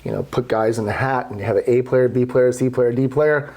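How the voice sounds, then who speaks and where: Middle-aged guy, mid-pitched voice, casual and salty yarn-spinner. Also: a little fast. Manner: profane, animated storyteller. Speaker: golf podcast guest telling stories. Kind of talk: casual storytelling.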